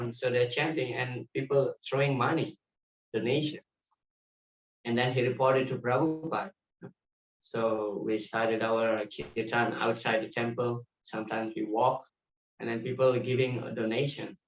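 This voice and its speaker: A man teaching a devotional class in a temple, spinning animated anecdotes and laughing as he goes. The recording is muffled and set back from the microphone, with the hall's echo around him. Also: medium pitch. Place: temple hall. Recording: distant muffled mic in echoey hall.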